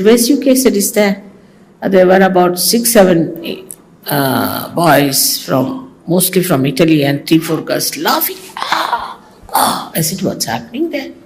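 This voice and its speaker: A woman's voice: on the low side, slight background noise, rough recording. Older indian lady, spiritual teacher, chatty rambling stories, teasing asides, old talk recording. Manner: rambling storytelling with asides and gentle mockery.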